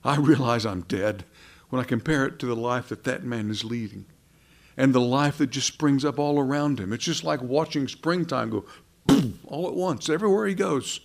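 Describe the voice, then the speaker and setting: A man preaching a sermon with passion, his voice swelling and then falling to near a hush. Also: mid-range voice, normal speed, gravelly. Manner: impassioned, rising and dropping to soft.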